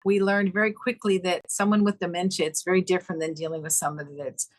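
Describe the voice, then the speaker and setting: Speaking quickly, a middle-aged woman shares an emotional personal story as a podcast guest, voicing quoted lines with abrupt jumps in pitch and plenty of animation. The audio is rough, with no room sound.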